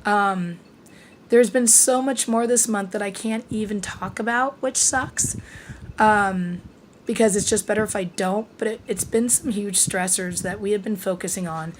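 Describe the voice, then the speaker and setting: A woman's voice: medium pitch, measured pace, slight background noise. A middle-aged woman talking candidly to her vlog audience, short of breath and with a worn voice, swearing freely and trailing off mid-thought. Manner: frank and confiding, swears freely, trails off and restarts. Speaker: vlogger.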